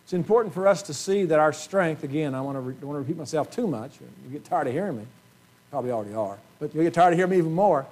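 A male pastor preaching a sermon to his congregation, earnest, often clearing his throat and asking rhetorical questions. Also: fairly high pitch, animated, fast talker, darkish tone. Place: church sanctuary.

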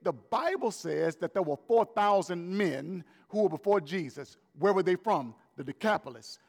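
A man preaching a sermon as pastor, swinging between loud raised lines and soft, slow emphatic words. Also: high-pitched, animated, vocal fry, big-room sound. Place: church hall.

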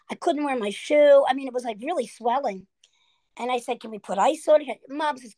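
An older grandmother reminisces in a lively, chatty way, quoting her parents as she goes. Her voice sits high. The sound is dry and close. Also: brisk, dry recording. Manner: storytelling, quoting family members. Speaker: guest. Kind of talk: casual reminiscing chat.

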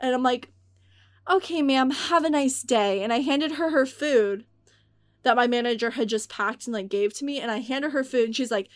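A young woman casually telling a story in animated, profane bursts, acting out the voices she quotes. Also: on the high side, fairly quick, no room sound, studio quality. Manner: animated, swearing, acts out quotes. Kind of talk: casual chat.

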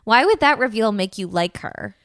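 A woman's voice: on the high side, lively intonation, moderate pace, fairly bright tone, no room sound, clean studio sound. Snarky sarcastic woman podcast host. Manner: blunt, sarcastic, snarky asides. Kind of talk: casual chat recapping a reality dating show.

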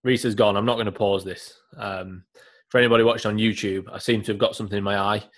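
A man's voice: lowish voice, fairly even intonation, fast talker. A man hosting a casual podcast, rambling with hesitant restarts and casual swearing. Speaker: podcast host.

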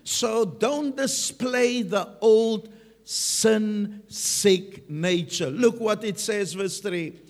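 High-voiced, emphatic preacher man. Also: extremely slow. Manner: emphatic, frequent "Amen" punctuating points. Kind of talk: sermon. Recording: long reverb of a large hall.

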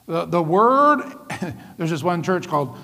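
A man preaching a sermon as pastor, lively, often laughing and calling out to the congregation. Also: high voice, unhurried, creaky, in a large hall. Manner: lively, laughing often, calls out "come on" and "right?".

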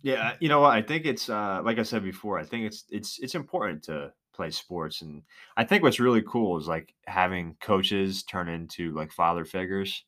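Deep-voiced man, lively, laid-back. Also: normal speed. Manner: laid-back listener, laughs often, reflective. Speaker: podcast co-host. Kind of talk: casual chat.

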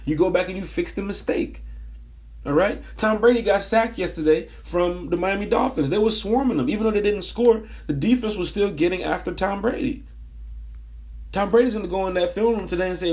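A man hosting a sports fan podcast, his voice hoarse from screaming, talking in energetic, repetitive hype. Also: high-pitched, fairly quick. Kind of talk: casual sports fan monologue.

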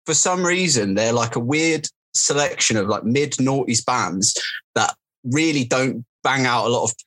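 A man's voice: medium pitch, moderate pace, fairly bright tone. A man in his thirties, a comedian guest on a podcast, rambling and joking with frequent giggles. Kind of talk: casual podcast chat.

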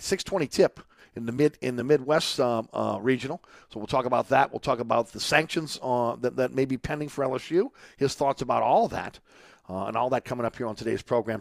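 A man's voice: mid-range voice, creaky, no echo, clean studio sound. A man hosting a sports radio talk show and reading live ads, rambling and leaning on "uh" and "again". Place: radio studio. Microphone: studio microphone.

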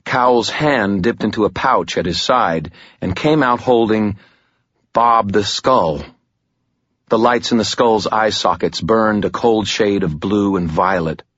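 A male narrator reads a first-person fantasy story in a deep, husky voice. His telling is tense and measured. The recording is dry and dull, with a lo-fi sound. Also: a bit bright, no room sound. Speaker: audiobook narrator.

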